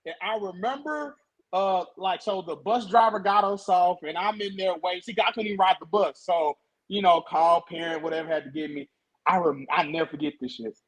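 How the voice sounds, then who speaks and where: A young man telling a story in casual talk, animated, stuttering and repeating words. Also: sits high, brisk, low-quality recording.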